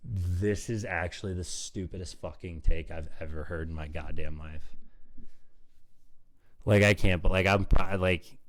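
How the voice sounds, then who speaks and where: Man, livestreamer, low voice, furious profane ranter. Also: steady tone, measured pace, slight background noise. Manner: angry, profane, mocking. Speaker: streamer reacting to clips. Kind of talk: live stream rant.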